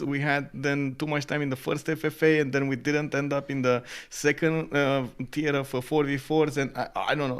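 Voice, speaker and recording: Man casting a strategy game, halting. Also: on the high side, clear, resonant tone. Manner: halting, filler-heavy talk, many uh and um; quick to laugh. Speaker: esports co-caster. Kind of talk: live game commentary.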